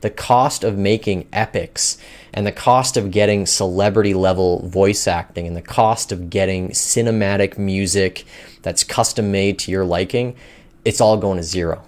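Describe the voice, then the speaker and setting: A man's voice: low-pitched, moderate pace. A man hosting a finance news show, talking in loose, rambling casual commentary with many fillers.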